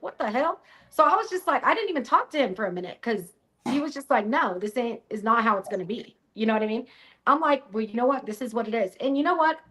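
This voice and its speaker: Brief: woman panelist, blunt and animated, voice pitched a bit high. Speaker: panel guest. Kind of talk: casual panel discussion.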